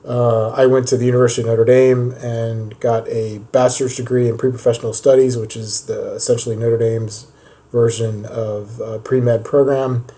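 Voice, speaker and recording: A man co-hosting a podcast as a foot and ankle surgeon, explaining things in a steady, conversational way. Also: mid-range voice, normal speed. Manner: explanatory, steady, occasional restarts. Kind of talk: casual conversational podcast chat.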